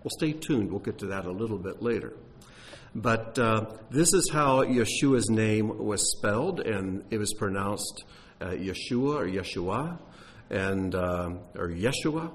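A man's voice: on the low side, unhurried. A man teaching on Bible texts, explaining in a conversational way with occasional fillers.

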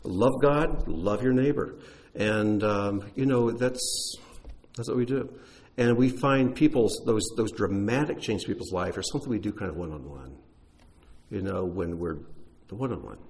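A man's voice: on the low side, moderate pace, darkish tone. A man leading his congregation, a pastor answering questions in a casual, explanatory way with frequent restarts. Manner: conversational, explanatory, uses fillers and restarts.

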